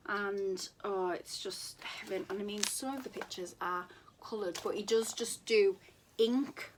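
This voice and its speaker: Woman book vlogger at home, unhurried and effusive, middle-pitched voice. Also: background noise. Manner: gushing, repeats words for emphasis. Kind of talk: casual book recommendation vlog.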